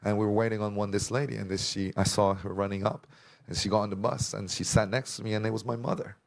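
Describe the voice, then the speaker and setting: A man's voice: on the low side, flat delivery, quick pace, vocal fry. A young man giving a personal testimony to a church congregation, telling his story with emotion and acting out the dialogue.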